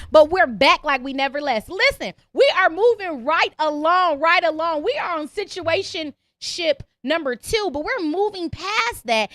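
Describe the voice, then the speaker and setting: Woman podcast host, very high and bright, swooping pitch; blunt, profane rant. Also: no echo. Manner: repeats lines for emphasis. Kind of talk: opinionated call-in podcast monologue.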